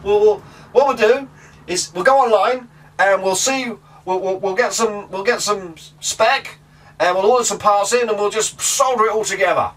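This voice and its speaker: Man voicing a laid-back handyman mate, breezy and offhand, raised pitch, distant mic. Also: normal speed, fairly bright tone. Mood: casual, breezy. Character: easygoing handy male mate, can-do.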